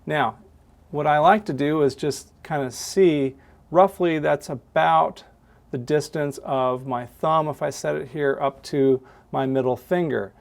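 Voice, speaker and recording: A man's voice: fairly high pitch, unhurried, gravelly. A man who is a photography instructor, patiently talking students through a hands-on darkroom demonstration step by step. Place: college darkroom.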